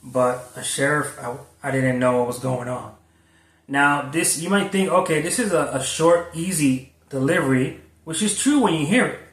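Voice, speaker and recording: A man's voice: fairly high pitch, expressive, moderate pace, a bit bright, far from the mic. A man, a food delivery driver, telling a story in a rambling, conversational way with frequent cursing. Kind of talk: casual storytelling vlog. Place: Florida. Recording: echoey, from away from the mic.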